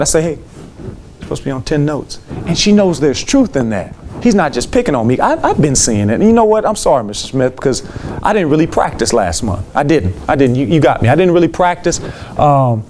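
Guy w pumping up teachers, voice jumps all over, bit of room noise. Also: a little high. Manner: lively storytelling with call and response, acts out students. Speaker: teacher speaking to educators. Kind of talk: motivational talk to teachers.

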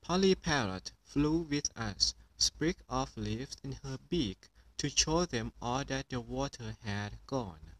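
A man reading a children's picture book aloud in an even storytelling voice. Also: mid-range voice, takes it slowly, hardly any pauses, low-quality recording. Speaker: storybook reader.

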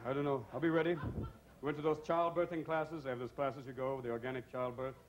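A man's voice: mid-range voice, flat delivery, brisk, slight background noise. A man doing a manic stand-up routine on a comedy club stage, jumping between voices.

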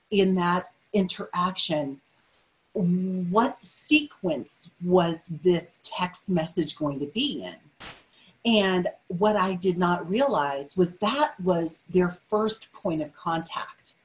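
A middle-aged woman giving a motivational webinar talk, energetic and emphatic, often repeating her key phrases. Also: lowish voice, takes it slowly, low-quality recording. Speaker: webinar speaker.

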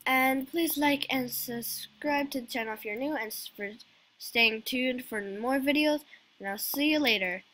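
A woman's voice: sits high, moderate pace, fairly bright tone. A woman giving casual, rambling gameplay commentary full of fillers as host of her own channel. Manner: rambling, forgetful, filler-heavy.

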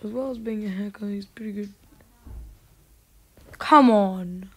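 A woman hosting a gaming channel, giving casual gameplay commentary with excitable, frustrated outbursts. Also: mid-range voice, measured pace, husky.

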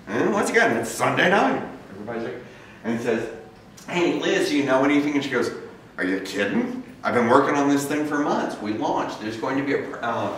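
A guest speaker with a mid-range, fairly bright voice gives a talk to an audience in a large campus lecture room, telling his story casually and acting out the voices of people he quotes. The room is very echoey, he is far from the mic, and there is faint noise.

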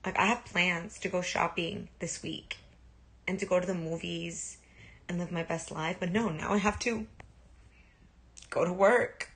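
A woman's voice: on the low side, steady tone, measured pace, pauses often, a bit bright. A young woman casually chatting on a livestream, reading and answering viewer comments and swearing now and then. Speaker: livestream host.

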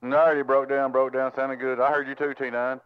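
A man's voice: mid-range voice, little pitch movement, quick pace, over loud music. A Southern man from Tennessee, drawling friendly greetings and sign-offs as a CB radio operator. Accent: Southern American. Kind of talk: CB radio chatter. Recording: tinny radio audio with loud static.

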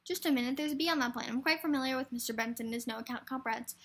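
Woman, script reading for a variety show, high-pitched, quick, stumbling restarts. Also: a bit bright.

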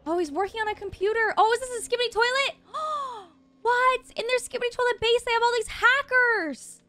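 A woman hosting a reaction video, excitable and gasping often, talking to her viewers. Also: very high-pitched, dry recording.

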